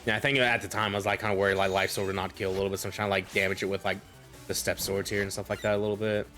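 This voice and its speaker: A man's voice: on the low side, flat delivery, very fast, bright, forceful tone. A man casually talking over his own recorded gameplay as a streamer, rambling, laughing often and padding his sentences with filler. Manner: rambling, laughs often, repeats "a little bit". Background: faint game music.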